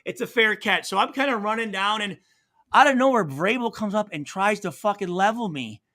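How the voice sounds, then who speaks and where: A man's voice: high-pitched, a little fast, bright, forceful tone. A man in his forties, a former football safety, telling rambling, profane stories in a casual interview and acting out what others said. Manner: profane, rambling, acts out quotes.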